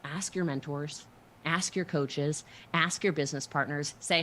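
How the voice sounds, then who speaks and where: A woman with a lowish voice gives motivational recruiting tips on a livestream. She talks briskly and emphatically and keeps checking in with her listeners. Her delivery is assertive and salesy. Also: fairly even intonation, a bit bright, slight background noise. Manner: brisk, emphatic, often asks okay?. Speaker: network marketing mentor on a livestream.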